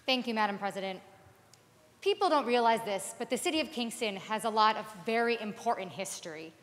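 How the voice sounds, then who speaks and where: A woman's voice: fairly high pitch, animated, a little fast. A woman giving a floor speech in an earnest, explanatory way. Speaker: state senator. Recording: long reverb of a large chamber.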